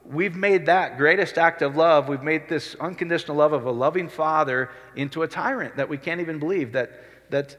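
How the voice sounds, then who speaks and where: A male pastor preaching a sermon in a conversational way, often rising to excited emphasis. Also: fairly high pitch, a little fast, long reverb tail.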